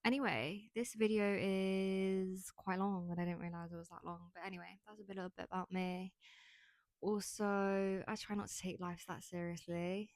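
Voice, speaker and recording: A woman's voice: fairly low pitch, steady tone, fairly quick, no room sound. A young woman hosting a podcast, talking casually and frankly about herself with lots of "like" fillers. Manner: chatty, frank, heavy use of "like". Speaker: podcast host. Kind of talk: casual monologue.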